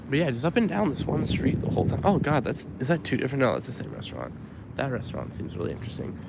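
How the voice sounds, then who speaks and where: A man's voice: medium pitch, sing-song, racing, vocal fry. A young man from Winnipeg rambling casually while walking outdoors with a handheld camera, full of likes and ums. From Winnipeg, Canada. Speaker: vlogger. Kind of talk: casual walking vlog monologue. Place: outdoors on a city street. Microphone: handheld camera rig while walking. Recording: street noise and passing cars. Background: city traffic.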